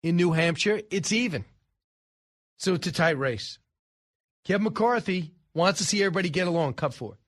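Opinionated male talk radio host, fairly high voice, dry studio sound, sarcastic and brisk. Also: animated, fairly bright tone, dry recording. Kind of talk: political talk radio commentary.

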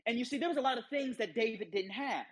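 Male motivational speaker, husky voice, very lively pitch, emphatic preaching delivery. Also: fast. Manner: animated storytelling, emphatic.

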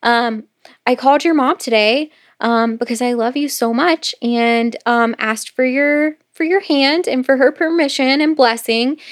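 A woman's voice: high-pitched, measured pace, no room sound, studio quality. A woman acting out an anxious, apologetic young heroine while retelling a book on a podcast. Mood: earnest.

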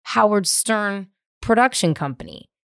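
A woman's voice: medium pitch, unhurried, creaky, smooth, no echo, studio quality. A woman in her thirties from San Francisco, hosting a solo podcast and telling a story from her teens at home, profane and rambling with lots of "like.". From San Francisco, USA. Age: 30s. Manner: profane, animated, rambling with many "like" fillers. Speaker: podcast host. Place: at home in the living room.

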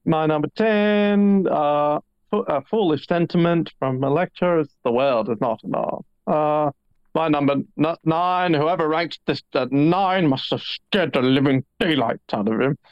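A man co-hosting a podcast, teasing wryly in a clear, slightly high voice. His mic sounds dry and a little muffled, with no room in it. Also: unhurried, dry recording. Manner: teasing, wry. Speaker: podcast co-host. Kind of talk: casual chat.

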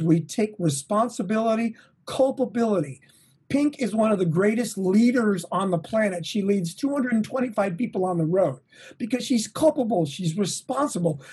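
Husky, enthusiastic middle-aged man. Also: high-pitched. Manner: energetic, enthusiastic, motivational, swearing now and then. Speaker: guest, touring rock drummer. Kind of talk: casual interview. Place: home, at a desk.

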